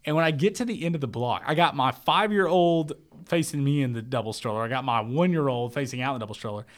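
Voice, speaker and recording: A man's voice: medium pitch, fast. Man, 30s, church media worker, casual rambling storyteller, medium voice. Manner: animated, rambling, says man and bro.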